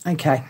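A woman's voice: on the low side, gravelly, warm tone, breathy edge. A woman hosting a casual craft tutorial livestream, chatting as she works and greeting viewers in the live chat by name.

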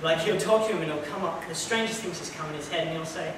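A man's voice: fairly high pitch, quick pace, hardly any pauses, fairly bright tone. A man chatting loosely between impressions on stage at a community hall, admitting he is unprepared. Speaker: impressionist performer. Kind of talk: live stand-up impressions show. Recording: echoey hall from far off, noisy.

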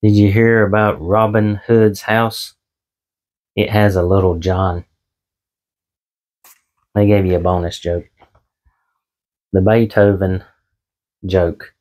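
A man's voice: fairly low pitch, level tone, slow pace, pauses often, darkish tone. A man vlogging from his small home office, chatting casually and telling corny jokes in a folksy, self-deprecating way. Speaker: eBay reseller and vlogger.

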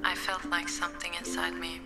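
A woman's voice: lowish voice, monotone, fairly quick, gravelly. A woman voicing an anxious, guilt-ridden mother hunting for her kidnapped son in a video game. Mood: grieving. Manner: desperate, guilt-ridden, hushed inner narration. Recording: game audio with loud music.

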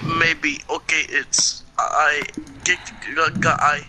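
A teenage boy gaming over voice chat, angry, yelling and swearing. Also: fairly high pitch, flat delivery, slow pace. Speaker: gamer. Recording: very noisy voice chat mic.

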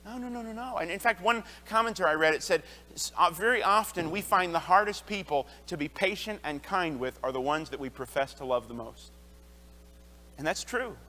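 An earnest man in his thirties preaching to a congregation, telling stories from his own life. His voice sits high for a man and rings bright and forceful, and he stumbles and restarts as he goes. The church hall adds a long reverb behind him. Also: a little fast. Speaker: associate pastor. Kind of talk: sermon. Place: church sanctuary.

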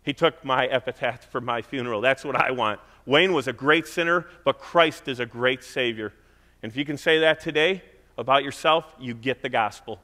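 A man's voice: medium pitch, normal speed, pushed and bright. Middle-aged man preaching in a reverberant hall. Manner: conversational preaching with emphatic repetition. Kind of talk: sermon. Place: church.

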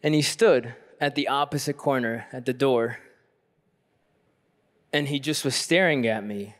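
A man's voice: a little slow, a bit bright. A man, a Catholic priest, giving a workshop talk at a youth conference, telling a personal story in a reflective, earnest way and growing fervent as he preaches. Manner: rises to a fervent pitch when preaching.

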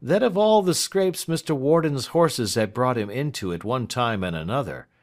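A man voicing a dry, shrewd, whimsical male lawyer who is quick with pointed questions. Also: medium pitch, lively intonation, voice pushed up, lightly acted. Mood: grave.

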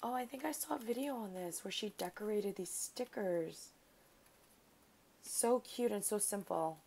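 A woman talks through a craft unboxing at her desk, excited and effusive, full of thank-yous. Her voice has a gravelly fry to it, and she speaks at an unhurried, drawn-out pace. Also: mid-range voice, slight background noise, poor audio. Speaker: craft vlogger. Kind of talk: casual unboxing chat.

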